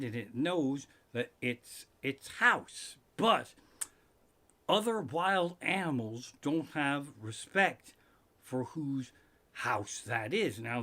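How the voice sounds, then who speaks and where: A man doing a live-streamed comedic rant from his living room, profane and animated with sudden outbursts. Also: mid-range voice. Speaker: comedian host.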